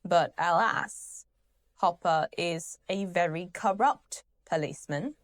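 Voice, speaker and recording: A woman's voice: on the low side, takes it slowly. Sarcastic woman ranting to camera. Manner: sarcastic, exasperated, swears freely; rambling with restarts and asides. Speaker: channel host. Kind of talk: ranting commentary.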